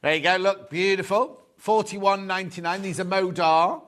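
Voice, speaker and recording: A man's voice: sits high, steady tone, normal speed, few pauses, a bit bright. A man presenting a live shopping show, chatty and gushing, repeating his phrases as he shows off fabrics. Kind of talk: live sales chat.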